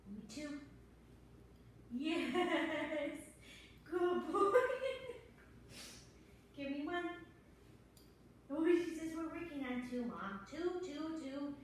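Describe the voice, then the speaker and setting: Quiet, coaxing woman training a dog. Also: sits high, far from the mic, slight background noise. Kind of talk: giving soft commands to a dog. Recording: echoey room, away from the mic.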